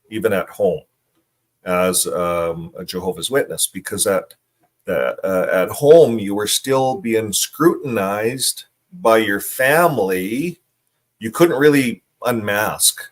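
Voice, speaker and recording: A man's voice: on the low side, expressive, takes it slowly. A middle-aged man talking bluntly in a casual monologue, often repeating himself for emphasis. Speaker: host.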